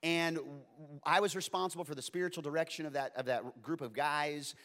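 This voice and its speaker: Middle-aged man preaching with comic stories, animated and playful, slightly high voice, long hall echo. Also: fairly quick. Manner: animated, playful, full of asides. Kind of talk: humorous storytelling sermon.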